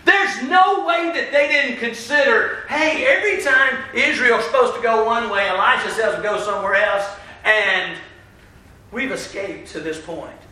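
Bright-voiced preacher in an echoey church. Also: male voice, extremely high pitch, moderate pace. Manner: animated preaching, acts out quoted voices. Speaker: pastor. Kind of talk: sermon. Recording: roomy church echo.

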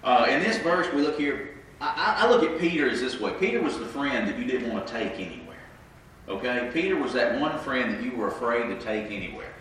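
Congested preacher in an echoey church. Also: male voice, medium pitch, animated, brisk, fairly bright tone, a little hiss or hum. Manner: conversational, asks the congregation questions. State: congested from sinuses. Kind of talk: interactive sermon. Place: church sanctuary. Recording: echoey room mic from a distance.

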